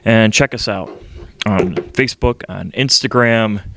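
A man's voice: on the low side, unhurried, fairly bright tone, a little hiss or hum. A young man co-hosting a podcast, blunt and crude, swearing constantly in casual chat. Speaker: podcast co-host.

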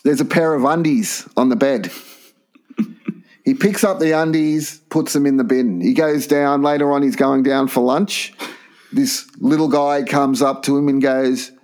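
A man's voice: medium pitch, measured pace. A man co-hosting a casual podcast, telling crude stories and laughing often. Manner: animated yarn-spinning, crude, laughs often. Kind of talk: casual chat, storytelling.

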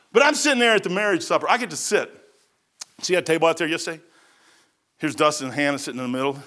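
Male pastor, very high pitched voice, folksy and emphatic sermon delivery with shouted bursts.

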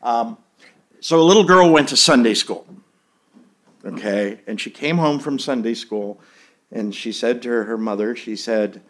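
A man's voice: mid-range voice, unhurried, a bit bright. A middle-aged man preaching a sermon in a folksy, conversational way, with an easy joke and many small fillers. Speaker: pastor.

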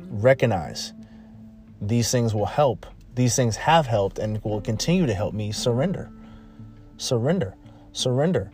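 A man's voice: mid-range voice, darkish tone. A man hosting a podcast, talking casually and emphatically, repeating phrases and restarting sentences. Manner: repetitive, emphatic, rambling with restarts. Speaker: podcast host. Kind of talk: casual motivational monologue.

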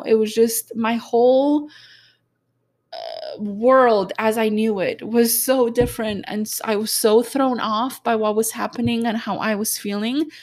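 A woman telling a personal story in a halting, reflective way, with many fillers and a gently emotional, earnest tone. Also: fairly high pitch.

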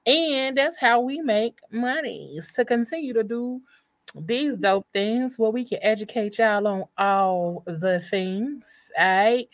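A woman's voice: a little high, slow pace, no room sound. A woman hosting a casual live-streamed talk show over a video call, playful and chatty with plenty of slang. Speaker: host.

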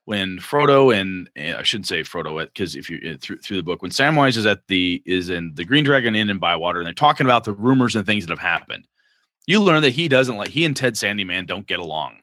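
A man co-hosting a casual chat about running tabletop games, animated and slipping into quick character voices. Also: low voice, no echo, clean studio sound. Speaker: game master podcast co-host.

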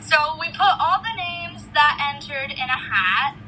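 A woman's voice: high voice, animated, a little slow, background noise. A young female co-host chatting casually on a podcast, chatty and giggly. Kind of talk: casual chat.

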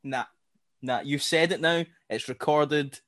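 A man's voice: on the high side, unhurried, a bit bright. A Scottish man interviewing a guest, joking and teasing in casual chat. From Scotland. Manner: teasing, jokey. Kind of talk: casual video-call interview.

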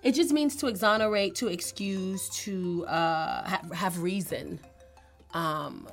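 A woman's voice: fairly low pitch, slow, soft background music. A woman playing a word game with a friend, playful and teacherly, often laughing. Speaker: game show contestant. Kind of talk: casual banter on a word game.

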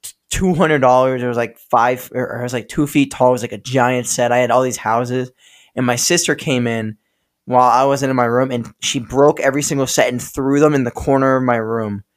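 A young man telling stories on a podcast, rambling and profane, stopping to laugh at himself. His voice sits at an ordinary middle pitch for a man. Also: fairly even intonation, brisk. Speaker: podcast co-host. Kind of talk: casual storytelling chat.

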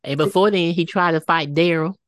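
A woman's voice: on the low side, fairly quick, no echo, studio quality. A woman co-hosting a casual chat, mostly chiming in with short agreement. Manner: agreeing listener, short interjections. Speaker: podcast co-host.

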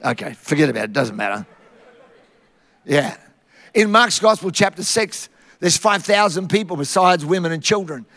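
High-voiced Australian preacher in a hall. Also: male voice, moderate pace, long pauses. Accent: Queensland Australian. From Queensland, Australia. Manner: lively storytelling, acting out Bible scenes with humour. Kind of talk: sermon. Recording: long hall reverb.

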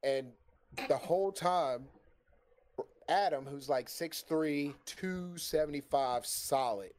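The voice here is a man's, a little high and slow, with a faint hiss or hum on the recording. As a stream storyteller, he chats through a long tale, cursing freely and laughing often in an animated way.

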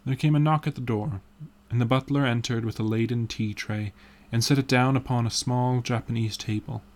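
A man narrating a classic novel as an audiobook, in a measured, even way. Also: medium pitch.

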